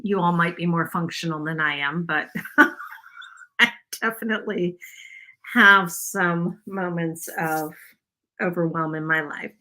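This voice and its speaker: A woman chats her way through a craft project for her live viewers. Her voice is bright and forward, sitting a little low. She rambles, jokes about herself and calls her audience y'all. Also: measured pace, long pauses. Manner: rambling, self-deprecating, addresses viewers as y'all. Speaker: craft video host. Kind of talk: casual chatty craft livestream.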